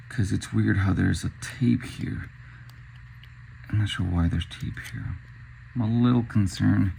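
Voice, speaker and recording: A man's voice: lowish voice, gravelly, darkish tone, slight background noise. A young man casually talking through car parts in a show-and-tell vlog, thinking aloud with filler words as he tallies prices. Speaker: car parts reseller vlogger.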